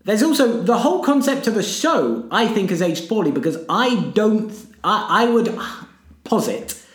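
A man's voice: high-pitched, sing-song, moderate pace. Rambling man in an echoey room. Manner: rambling, self-interrupting, wry. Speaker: podcast co-host. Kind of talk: casual chat.

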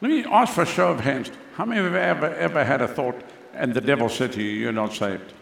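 Middle-aged preacher guy, high gravelly voice, big echoey church hall. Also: expressive, quick pace. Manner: preaching with swings from loud to hushed. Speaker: pastor. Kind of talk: sermon.

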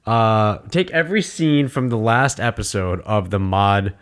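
A man co-hosting a casual podcast chat, emphatic and halting, often restarting his sentences. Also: fairly low pitch, fairly bright tone. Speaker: podcast co-host.

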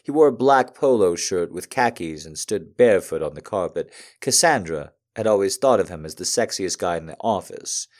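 A man with a very deep voice reads a story aloud to listeners. His delivery is calm and measured, with soft pauses between phrases. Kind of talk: reading a romantic story aloud to an audience.

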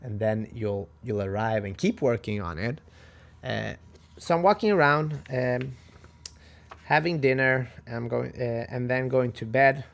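A man's voice: mid-range voice, unhurried, creaky. A man from Sweden with a Swedish accent, telling a travel story as a podcast host in a chatty, motivational way with frequent restarts. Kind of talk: casual storytelling monologue.

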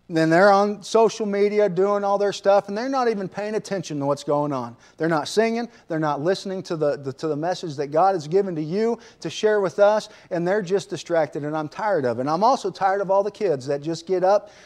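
A man's voice: high-pitched, a little mellow, close to an everyday voice. A man voicing a fed-up churchgoing woman who lists her complaints in an exasperated way.

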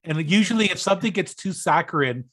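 A man co-hosting a podcast in casual chat, with a dry, halting, self-deprecating way of talking. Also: sits high, expressive, a bit bright. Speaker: podcast co-host.

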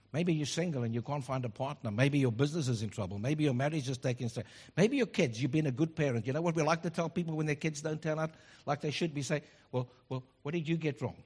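A middle-aged man delivers a sermon as a pastor, with a high-pitched, husky voice. He preaches in an animated way and drops joking asides.

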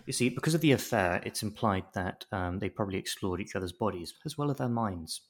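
Brief: low-pitched male podcast co-host, rambling and jokey, fond of mock-lecture bits. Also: expressive, quick pace. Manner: jokey, rambling, swears, does mock-pompous explaining bits. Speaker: podcast co-host recapping a TV show. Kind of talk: casual chat.

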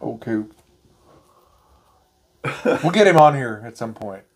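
A man, co-hosting a podcast and telling a story in a loose, animated way with frequent laughter and casual swearing. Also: mid-range voice, slow, slight background noise. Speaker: podcast co-host.

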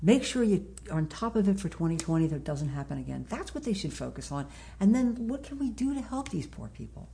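Low gravelly older woman, chatty. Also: big pitch swings, fairly quick, hardly any pauses, warm tone, slight background noise. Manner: chatty, laughs often, many restarts. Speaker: author guest. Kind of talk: casual interview chat.

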